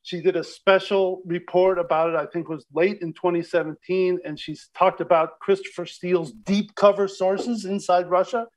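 A man's voice: high voice, fairly even intonation, moderate pace, few pauses. A man, a guest on an interview show, speaking thoughtfully, hedging often and restarting his sentences. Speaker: guest media critic. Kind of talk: conversational interview.

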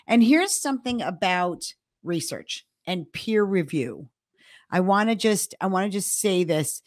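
A woman's voice: mid-range voice, lively intonation, a little slow, no room sound, studio quality. A middle-aged woman co-hosting a podcast, explaining her points emphatically in casual talk. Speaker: podcast co-host.

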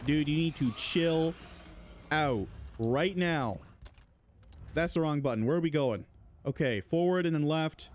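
A man's voice: fairly high pitch, unhurried, pauses often, slight background noise. A male gaming host giving let's-play commentary, panicky and jittery, talking to the enemies on screen as he plays. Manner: jittery, panicky running reactions.

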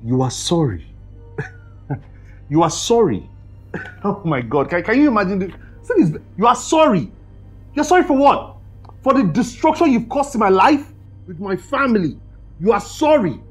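An actor playing a furious betrayed husband, husky and accusing. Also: male voice, fairly high pitch, very animated, brisk, few pauses, faint music behind. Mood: angry. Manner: bitter, accusing, shouting in bursts. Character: furious betrayed husband, young adult man.

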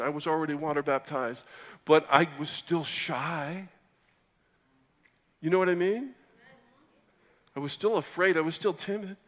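A man tells his testimony as a sermon, jumping from loud, excited bursts down to low, hushed storytelling. His voice sits high and sounds bright and forceful. It rings out with a long reverb, as in a big hall. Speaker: preacher giving his testimony.

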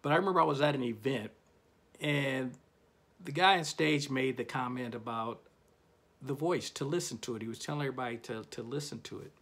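Male self-help host, gravelly voice, casual motivational storytelling, dramatic rises and drops. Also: fairly quick. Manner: storytelling with big swings in pitch and loudness. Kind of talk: casual motivational talk to camera.

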